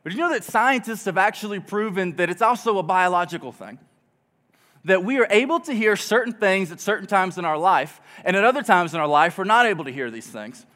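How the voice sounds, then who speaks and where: High-voiced animated young dad preacher. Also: male voice, fairly quick. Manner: animated storytelling, acts out quotes. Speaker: pastor. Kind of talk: sermon. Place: church auditorium.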